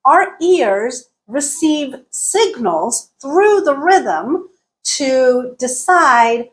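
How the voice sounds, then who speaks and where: Woman, higher register, calm language teacher delivering a scripted lesson deliberately, leaning on key words. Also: low-quality recording. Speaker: English teacher and channel host.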